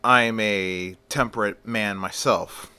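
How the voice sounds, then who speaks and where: A man's voice: lowish voice, fairly even intonation, slow pace, sharp tone, smooth, no room sound, full character voice. A man voicing a polite, earnest young man.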